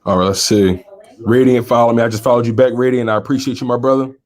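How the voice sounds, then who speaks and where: A man's voice: medium pitch, steady tone, fast talker. A man hosting a casual sports talk live stream, reading viewer comments aloud and reacting to them.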